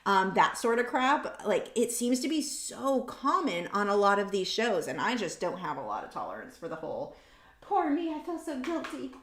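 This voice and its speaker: With a medium-pitched, slightly bright voice, a woman artist chats almost without pausing as she paints on a livestream, very animated at a normal speed. She's candid, rambling and opinionated, scattering ums and likes everywhere, and the audio carries a roomy echo.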